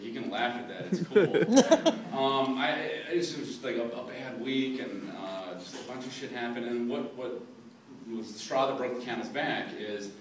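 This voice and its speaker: Rambling self-deprecating male stand-up comic. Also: medium pitch. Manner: rambling, self-deprecating, many fillers and restarts. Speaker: stand-up comedian. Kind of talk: stand-up comedy set. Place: comedy club stage. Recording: echoey club room, from far off, with audience laughter. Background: crowd laughing.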